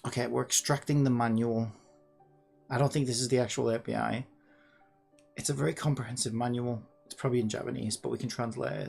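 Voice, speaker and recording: A person hosting a casual coding vlog, thinking aloud in an excitable, rambling way, pleading with the computer and sometimes dropping to a muttered whisper. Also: mid-range voice, creaky. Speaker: hobbyist developer and channel host.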